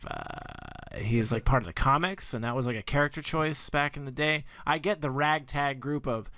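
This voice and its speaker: A man's voice: medium pitch, very animated, moderate pace, gravelly, pushed and bright, no echo, clean studio sound. A young man co-hosting a podcast, chatting casually about a movie, laid-back, laughing often and swearing offhand. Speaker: podcast co-host.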